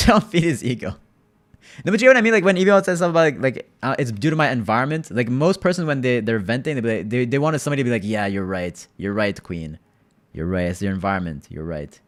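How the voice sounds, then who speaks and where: A man streaming live and chatting casually with his viewers, talking in a laid-back, rambling way and often addressing the chat directly. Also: mid-range voice.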